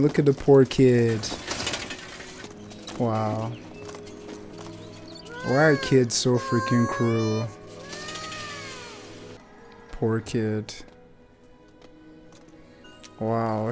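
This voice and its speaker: Very deep-voiced woman reacting to a film. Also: drawn-out words, pauses often, music in the background. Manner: chatty, repeats lines from the film. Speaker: movie reaction host. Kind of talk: casual reaction commentary.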